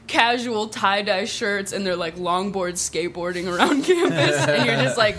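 A woman's voice: medium pitch, moderate pace, hardly any pauses, crowd noise. Giggly woman telling a comic story. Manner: giggly, peppered with "like", lively asides. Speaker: guest storyteller.

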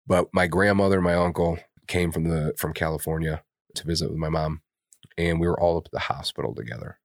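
A man with a very deep voice talks on a podcast in a casual, candid way. His speech is blunt and full of swearing, and he is openly emotional. The sound is close and dry. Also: fairly even intonation, fairly quick, no echo. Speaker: podcast co-host.

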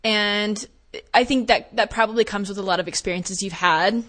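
A woman hosts a relaxed podcast chat, answering her guest in a supportive way. She thinks aloud as she talks, with fillers and restarts. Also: medium pitch, normal speed. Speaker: podcast host.

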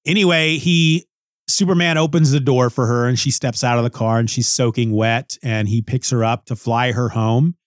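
A man's voice: medium pitch, steady tone, moderate pace, no room sound, clean studio sound. A man reviewing a comic book in a casual, rambling way, often restarting and musing aloud.

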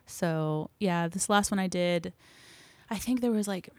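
A woman's voice: lowish voice, unhurried, no room sound. Chatty young woman on a dry mic. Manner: chatty, animated storytelling with many fillers. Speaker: guest, film crew member. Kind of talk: casual interview chat.

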